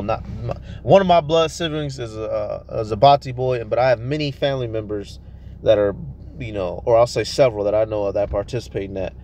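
A man's voice: mid-range voice, a little mellow, a little hiss or hum. A man preaching a heated, profane rant full of rhetorical questions. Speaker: street preacher vlogger. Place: at a tire shop, near a vehicle.

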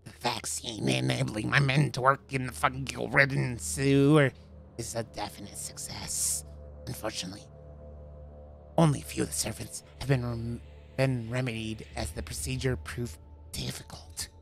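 With faint music behind him, a male let's play streamer talks through a horror game, cracking crude jokes, swearing heavily, and reading in-game notes aloud casually. His mid-range voice is steady, moderately paced, a bit bright, with vocal fry.

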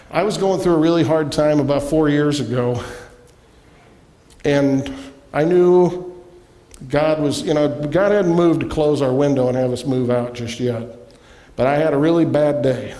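A man preaching as a guest in a church, telling a personal story with animated delivery and acted-out voices. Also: medium pitch. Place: church sanctuary. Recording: echoey church hall.

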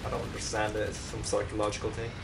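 A man's voice: on the low side, completely flat delivery, quick pace, creaky, background noise. Rambling, joking man gaming, mic far off. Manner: rambling, self-mocking, jokey asides. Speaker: let's play commentator. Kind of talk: casual gameplay commentary.

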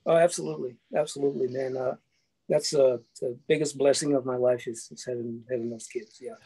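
A man with a husky voice, chatting easily as a guest in an interview and often calling people "man". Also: medium pitch, steady tone, a little fast, warm tone. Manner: easygoing, says "man" a lot. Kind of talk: casual interview chat.

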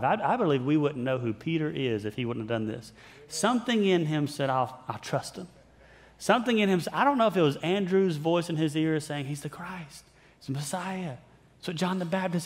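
Folksy preaching man, slightly high voice. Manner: conversational storytelling with playful put-on voices; repeats phrases for emphasis. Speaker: pastor. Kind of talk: sermon.

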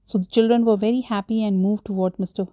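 A woman's voice: mid-range voice, steady tone, quick pace, warm tone, no echo. A woman English teacher in a recorded lesson, patiently retelling a story and explaining words step by step.

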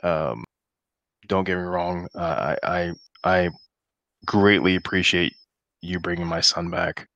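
A weary middle-aged tavern keeper, as a man puts him on, low and firm. He speaks quietly, with stern warnings, in a dry close sound. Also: slow pace, long pauses, no room sound, muffled recording, exaggerated voice.

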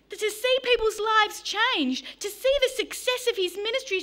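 An Australian woman preaching a sermon, telling stories in a lively, humorous way. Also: very high-pitched. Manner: lively storytelling with humour.

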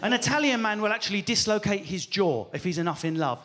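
A man with an Essex accent doing a stand-up comedy routine, talking rapidly with animated mimicry and swearing. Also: high voice. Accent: Essex English. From England. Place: comedy stage before a live audience.

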